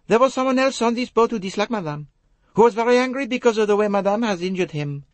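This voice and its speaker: A man voicing an excitable, emphatic young female lady's maid in an audiobook. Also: high voice, fast talker, no room sound, voice pushed up. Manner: emphatic, insistent. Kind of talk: audiobook character voice.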